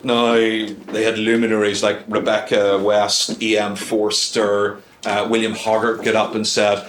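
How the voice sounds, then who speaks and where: A man's voice: fairly low pitch, fairly even intonation, moderate pace, few pauses, echoey room, a little hiss or hum. A man giving a humorous talk to a club, full of dry asides and hesitant ums. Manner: wry, dry asides with many ums and uhs. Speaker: guest speaker. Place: club meeting room.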